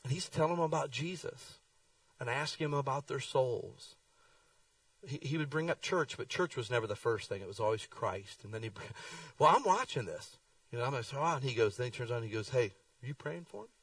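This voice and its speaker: A middle-aged man preaching a sermon, telling folksy stories with lively swings in his voice. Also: mid-range voice, a little fast, dry recording, far from the mic, low-quality recording. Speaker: pastor. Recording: dry sound, speaker away from the mic.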